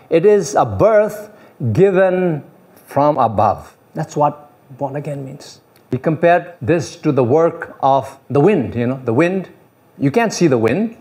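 A man preaching a sermon as pastor, animated and repetitive, often chuckling and acting out the voices of others. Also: medium pitch. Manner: repeats phrases and uses you know as filler.

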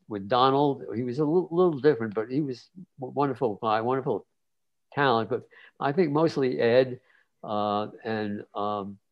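A man in his nineties, a guest cartoonist, telling stories in a relaxed interview, rambling with many fillers and restarts. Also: medium pitch. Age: 90s. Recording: dull lo-fi sound.

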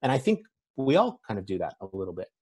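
A man's voice: on the low side, wildly swooping pitch, fast talker, a little mellow, breathy edge. A man speaking as a conference speaker in a conversational, self-deprecating keynote, with frequent fillers. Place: event stage.

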